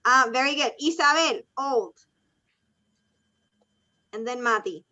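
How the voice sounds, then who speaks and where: Bright high-voiced woman teaching ESL. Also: slow pace. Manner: encouraging, switches between English and Spanish explanations. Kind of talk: online class teaching. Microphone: video call. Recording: dull lo-fi video call audio.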